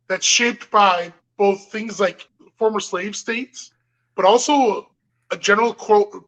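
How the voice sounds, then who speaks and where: A speaker in casual podcast conversation, making points in a measured, analytical, deliberate way. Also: medium pitch, fairly bright tone, low-quality recording. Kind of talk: casual chat.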